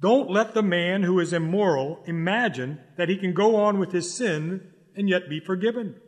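A man preaching a sermon in an urgent, exhorting way, repeating key lines slowly for stress. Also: high-pitched, big-room sound.

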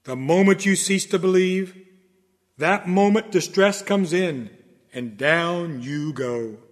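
A man preaching a sermon in a dramatic oratorical manner, swinging from loud declarations to hushed low lines. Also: slow, in a large hall.

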